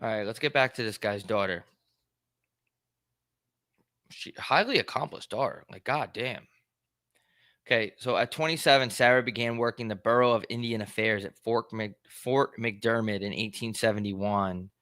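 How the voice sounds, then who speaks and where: A man's voice: on the low side, normal speed, a bit bright, no echo, clean studio sound. A young man hosting a casual solo show, riffing aloud in a crude, rambling way with lots of swearing and laughter. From United States. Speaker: podcast host.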